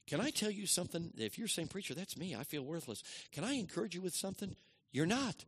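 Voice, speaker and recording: Man preaching with wide swings in pitch. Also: sing-song, a little fast, slightly rough. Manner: dynamic preaching, swinging from loud emphasis to hushed asides. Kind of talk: sermon.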